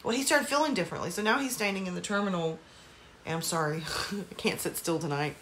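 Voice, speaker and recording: Lowish-voiced woman going over a movie plot at home, rambly, lots of likes and ums, little bit of hiss behind. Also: quick pace, a bit bright. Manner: rambling, lots of "like" and "um", apologetic asides. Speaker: movie reviewer. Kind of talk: casual movie plot recap.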